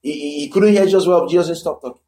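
A man's voice: on the high side, racing, mellow. A man preaching a sermon, emphatic and conversational, repeating key phrases and checking in with his listeners.

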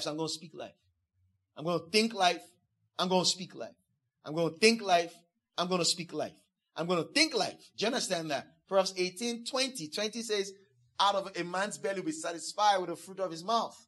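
A man's voice: high voice, moderate pace, fairly bright tone. A man preaching a sermon as pastor, emphatic, repeating key phrases again and again, and acting out quoted speakers. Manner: acts out quoted speakers in a playful voice.

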